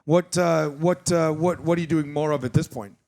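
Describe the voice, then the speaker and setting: A man's voice: a little high, steady tone, normal speed, darkish tone. A man hosting a podcast, bantering crudely and stumbling over restarts as he asks questions. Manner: stammering restarts, crude joking. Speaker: podcast host.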